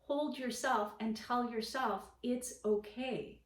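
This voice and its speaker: A woman yoga teacher giving a slow, gentle, reflective talk on a spiritual teaching. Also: mid-range voice. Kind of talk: spoken dharma talk. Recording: echoey room, voice from a distance.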